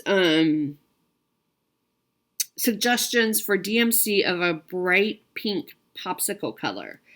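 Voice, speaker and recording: A woman with a slightly low voice chats casually to her viewers, trailing off and circling back as she goes. She fills her sentences with ums and restarts. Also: a bit bright. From United States. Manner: chatty, filler-heavy, frequent restarts. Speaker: cross-stitch video host.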